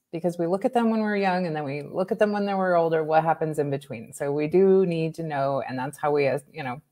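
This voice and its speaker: A woman naturopathic doctor, a guest on an interview, explaining health topics in a lively way with examples and asides. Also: low voice, quick pace, few pauses. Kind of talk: conversational expert explanation.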